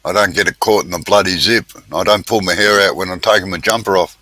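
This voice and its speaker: A man hosting a casual live stream chat, easygoing and quick to laugh, talking over a video call. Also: deep voice, fairly even intonation, sharp tone, no room sound.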